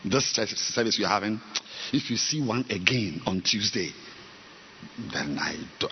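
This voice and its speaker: Pastor guy preaching, goes quiet then yells, kinda dull recording w some hiss. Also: fairly low pitch, lively intonation, a little slow. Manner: swings from soft talk to loud shouting. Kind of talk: sermon.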